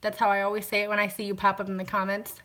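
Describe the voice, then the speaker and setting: A woman chats casually on a live stream from home, greeting viewers by name and answering their comments. Her voice is bright and a little sharp. She keeps talking as she washes glasses by hand. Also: mid-range voice, completely flat delivery, very fast. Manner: talks while washing glasses by hand. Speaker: vlogger hosting a live stream.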